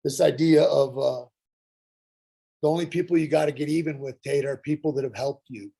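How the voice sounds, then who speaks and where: A middle-aged man telling his personal recovery story at a workshop, earnest and halting, with frequent pauses and restarts. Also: fairly high pitch, vocal fry, dark tone, husky. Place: Santa Fe.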